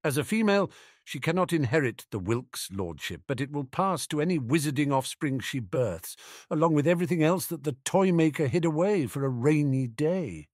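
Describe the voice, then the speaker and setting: For a storybook reading, a man voices an irritable male wizard schemer, sarcastic and disdainful in a scheming mood, lightly acted and pitched above his own voice. The delivery is fairly high with lively intonation at normal speed and a darkish tone. Audio is studio quality without room sound.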